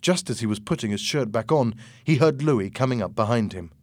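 A man reads a storybook chapter aloud in slow, measured narration. His pitch sits in an ordinary middle range. The recording is dry and close, with no room sound. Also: animated, darkish tone, no echo. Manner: slow, measured, clear reading. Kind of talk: scripted audiobook narration.

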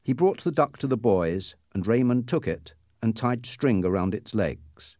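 A man's voice: fairly low pitch, expressive, a little mellow, dry recording, studio quality. A man reading a story aloud as narrator, in scripted storybook narration. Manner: slow, clearly paced reading.

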